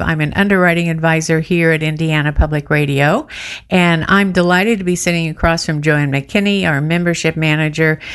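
A woman's voice: lowish voice, smooth. A woman who works as a public radio underwriting advisor, making an earnest, friendly on-air fundraising appeal.

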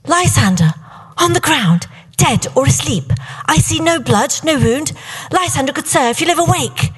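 A woman's voice: sits high, lively intonation, normal speed, voice pushed up. A woman voicing a lovestruck young heroine in a school Shakespeare play, with a raised, earnest stage delivery.

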